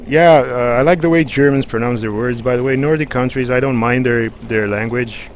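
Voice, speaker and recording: A man's voice: mid-range voice, moderate pace, slight background noise. Chatty man. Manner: chatty, rambling, jokey. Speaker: livestream host. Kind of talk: let's play commentary.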